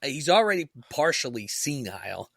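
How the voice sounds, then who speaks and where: Bright, lively-voiced man bantering. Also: medium pitch, a little fast, gravelly, dry recording, clean studio sound. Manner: loud laughing and profane banter. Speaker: podcast co-host. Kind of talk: casual chat.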